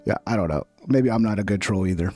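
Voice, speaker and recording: A man's voice: on the low side, fast, over loud music. A man hosting a live reaction stream, commentating on clips with crude, mocking banter. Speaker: livestream host reacting to clips.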